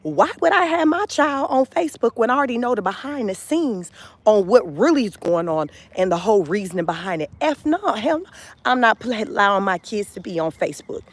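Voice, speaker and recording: Chatty woman doing live commentary. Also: fairly high pitch. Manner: animated, chatty, addresses viewers as y'all. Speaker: commentary vlogger. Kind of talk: casual live-stream commentary.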